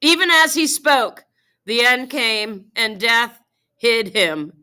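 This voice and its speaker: Woman teacher going over a reading w her class, slow n careful, high bright voice. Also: animated, smooth. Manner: careful, guiding, addresses students. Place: classroom with students.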